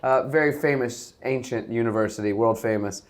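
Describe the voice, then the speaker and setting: A man's voice: mid-range voice, a little fast. A man from Virginia hosting a casual interview, upbeat and chatty, laughing easily. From Virginia, USA. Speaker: host.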